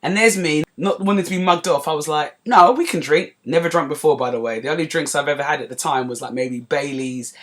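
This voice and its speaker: A woman in her forties from North London with a London accent, hosting a podcast and telling a story in a lively, chatty way with asides to her listeners. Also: low voice, fast talker, few pauses. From North London, England. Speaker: podcast host. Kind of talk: casual storytelling monologue.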